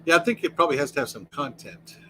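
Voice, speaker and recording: A man's voice: a little high, animated, fast, pushed and bright, slight background noise, poor audio. Rambling American man hosting a livestream. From United States. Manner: rambling, reads and answers chat aloud. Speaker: livestream host. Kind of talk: casual livestream chat. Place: inside an RV.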